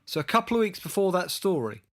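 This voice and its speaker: Wry higher-voiced male podcast host. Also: very animated, fast, a bit bright. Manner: wry, mock-serious news reading. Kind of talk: casual comedic podcast chat.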